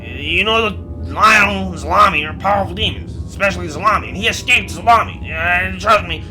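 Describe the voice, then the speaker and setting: A man voicing a crude male demon trapped in a jar who talks loudly and swears a lot. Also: high-pitched, a little fast, faint music behind, voice pushed up. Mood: pleading. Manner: loud, swearing, urgent warnings.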